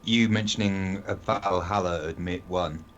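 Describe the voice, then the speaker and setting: A man's voice: sits low, steady tone, unhurried, a bit bright, lo-fi sound, slight background noise. A British man chatting casually on a live show, telling anecdotes at length. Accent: British English. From England. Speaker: co-host. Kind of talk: casual chat.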